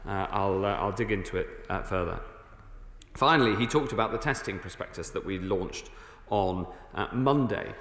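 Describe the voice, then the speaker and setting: Male minister, low-ish voice, halting parliamentary delivery, echoing chamber. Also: a bit bright. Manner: halting, filled with uh and um. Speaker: government minister answering MPs. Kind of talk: parliamentary statement. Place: large debating chamber, indoors. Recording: echoey chamber with long reverb.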